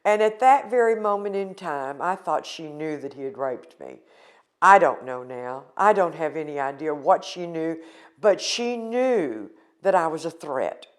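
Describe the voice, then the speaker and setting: A woman's voice: sits low, animated, measured pace. An older woman from the United States recounting a painful personal experience in an earnest, emotional interview.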